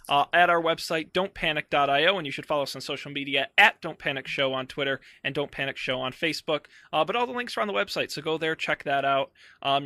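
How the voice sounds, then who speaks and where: A man's voice: a little high, pushed and bright, no echo. A man hosting a casual tech podcast, talking in an upbeat, chatty way with fillers into a close mic. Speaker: podcast host.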